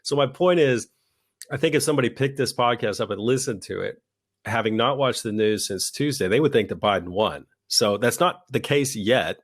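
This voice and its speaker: A man co-hosting a podcast, talking politics in a heated, profane, mocking way, his voice jumping into high-pitched outbursts. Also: normal speed. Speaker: podcast co-host.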